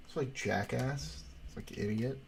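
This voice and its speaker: A man's voice: medium pitch, creaky, darkish tone, slight background noise. A man with an Argentine accent from Buenos Aires, hosting a livestream and chatting in casual, joking banter. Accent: Argentine Spanish (Buenos Aires). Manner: slow, joking, mock-indignant banter. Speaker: livestream host. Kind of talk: casual chat with a co-host.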